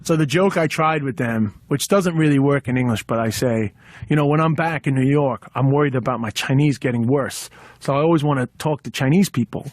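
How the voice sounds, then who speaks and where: A man, a stand-up comedian, telling a story on a radio show with quick halting restarts. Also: medium pitch, no room sound. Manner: fast, halting restarts, switches into Mandarin. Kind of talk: street comedy bit and studio chat. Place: radio studio.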